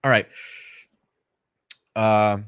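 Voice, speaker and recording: A man's voice: on the low side, steady tone, drawn-out words, a bit bright, smooth, no room sound. A man hosting a casual livestream from a small home studio, chatting in a rambling, easygoing way and greeting viewers by name. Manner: easygoing, self-correcting asides. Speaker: livestream host.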